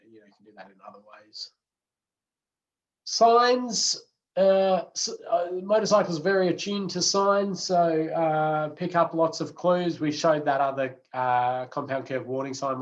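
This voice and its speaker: A man gives a relaxed, chatty lecture for an online course, often pausing on fillers and restarting his sentences. His voice sits at an ordinary middle pitch. The audio is a little dull and lo-fi. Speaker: road safety trainer.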